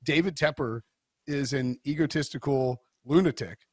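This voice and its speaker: A man's voice: mid-range voice, moderate pace, darkish tone, no room sound, studio quality. A man co-hosting a sports betting podcast, giving blunt opinions in a rambling casual way with many restarts. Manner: rambling, frequent restarts and fillers.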